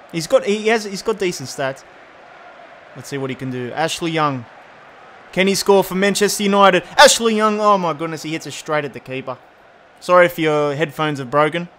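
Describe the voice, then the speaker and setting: A young man giving casual commentary over a football video game, chatty and getting excited at near-misses. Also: a little high. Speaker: gaming YouTuber.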